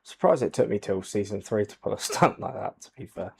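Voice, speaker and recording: A man giving soft-spoken ASMR commentary over a racing game, quiet and low-key, with dry jokes. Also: sing-song, brisk, creaky, husky. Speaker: gaming channel host.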